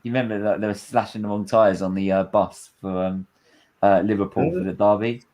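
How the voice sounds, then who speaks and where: A man's voice: on the low side, fairly even intonation, fairly quick, darkish tone. A man joining casual banter, teasing and repeating his jokes.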